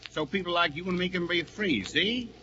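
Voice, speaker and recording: A man's voice: high-pitched, moderate pace, pushed and bright. An actor playing a pompous, grumbling working-class husband who lectures his wife, in 1940s radio acting. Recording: muffled 1940 radio broadcast with hiss.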